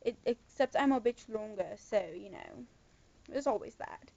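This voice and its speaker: A woman's voice: on the high side, normal speed, warm tone, muffled recording. A young woman doing a put-on British accent, ranting sarcastically in a casual vlog from her bedroom. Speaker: vlogger.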